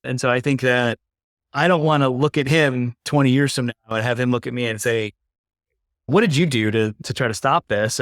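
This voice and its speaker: Podcast guest, thirties, reflective and conversational, mid-pitched, dry. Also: male voice, no echo. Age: 30s. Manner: earnest, reflective, uses "like" often. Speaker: podcast guest, climate investor. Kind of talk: casual conversation.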